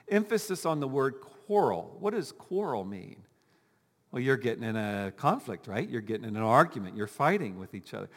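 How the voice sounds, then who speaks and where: A man preaching a sermon as pastor, animated and full of rhetorical questions, talking with his congregation. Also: medium pitch, long reverb tail. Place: church sanctuary.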